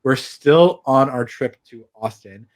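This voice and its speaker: Speaking slowly in a mid-range voice, a man co-hosts a podcast. The casual conversation finds him eagerly weighing in on reality TV with strong opinions.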